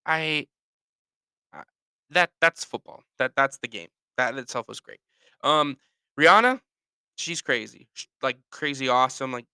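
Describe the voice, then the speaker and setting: Male podcast host, solo casual rant, rambling, self-correcting, bright tone, dry sound. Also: mid-range voice, smooth, dry recording.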